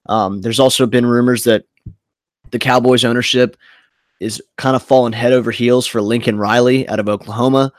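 A man's voice: medium pitch, steady tone, normal speed, no room sound, clean studio sound. Laid-back man hosting a sports podcast. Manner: laid-back, joking, with frequent fillers. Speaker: podcast host. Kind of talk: casual sports chat.

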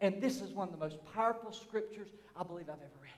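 High-voiced fervent male preacher. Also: quick pace, few pauses, big-room sound, faint music behind. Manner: fervent, swings between shouting and hushed tones. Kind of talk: sermon.

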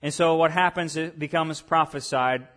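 A man preaching a sermon as pastor, swinging between loud excitement and hushed tones, with chatty asides to the congregation. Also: a little high, normal speed. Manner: conversational asides and check-ins with the congregation.

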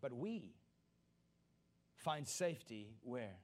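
A man preaching a sermon as pastor, emphatic and repeating key lines, building to loud peaks. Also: mid-range voice, sing-song, slow pace.

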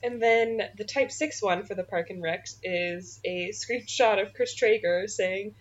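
A woman's voice: medium pitch, unhurried. Giggly young woman reading memes. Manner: giggly, reads memes aloud. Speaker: podcast co-host. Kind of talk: casual chat. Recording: slightly dull, faint noise.

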